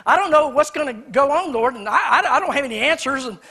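A man preaching. His voice sits very high and sounds bright and forceful. He shifts from loud emphatic preaching to quiet storytelling. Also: animated, fast. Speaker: pastor. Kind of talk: sermon. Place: church sanctuary.

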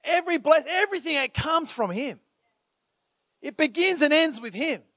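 A man preaching a sermon in a lively way, stopping to act out people's anxious inner thoughts, with many filler phrases and restarts. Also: very high-pitched, no room sound, clean studio sound. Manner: animated, acts out inner thoughts in quick asides. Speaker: pastor.

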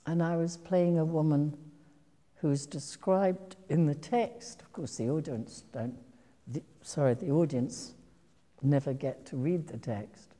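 An older woman with a low, very mellow voice tells career anecdotes to an audience. She takes her time, pausing on ums and breaking into soft laughs. Her voice carries a long reverb from a large hall. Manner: slow and reflective, with frequent ums and soft laughs. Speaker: actress giving a talk.

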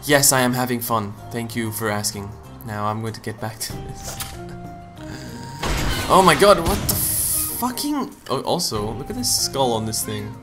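A man's voice: mid-range voice, animated, a little slow. Joking, swearing young man playing a game. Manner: joking, swearing, punning, with sudden loud outbursts. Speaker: let's play gamer. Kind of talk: casual gaming commentary. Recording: game music behind the voice. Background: game music.

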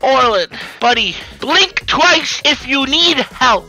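A man hosting a comedic reaction video, loudly yelping and talking to his viewers as fellas. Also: very high-pitched, animated, slow pace, soft background music, poor audio.

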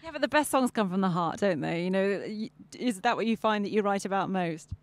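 A woman's voice: medium pitch, expressive, a little fast, no echo. A woman presenting a casual interview outdoors on a balcony, friendly and upbeat, often ending questions with tag questions.

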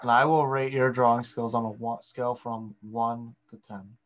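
A man's voice: medium pitch, steady tone, normal speed. A man hosts a casual interview podcast. He is easygoing, prompts his guest and thinks aloud about what the guest says. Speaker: podcast host.

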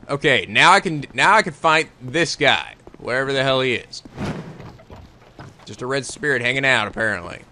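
A young man playing a video game while commenting, swearing and yelling often. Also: mid-range voice, animated, a little slow, long pauses, slight background noise. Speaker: let's play host. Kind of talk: gaming commentary. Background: game music.

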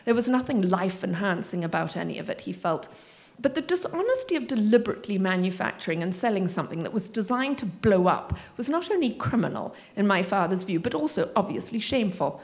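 A woman's voice: mid-range voice, animated, normal speed. A woman author in a library community room, reading expressively from her memoir and answering audience questions with wry asides.

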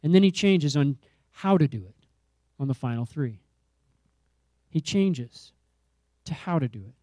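Male pastor, sermon delivery, emphatic and repetitive, warm tone, dry close mic. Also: a little high, lively intonation, a little slow, no echo. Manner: emphatic preaching with repeated phrases and rising calls.

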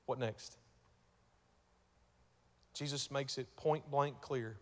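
A man preaching a sermon as pastor, telling a story and repeating words as he starts, moving between hushed and loud passages. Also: medium pitch, steady tone, takes it slowly, in a large hall. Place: church sanctuary.

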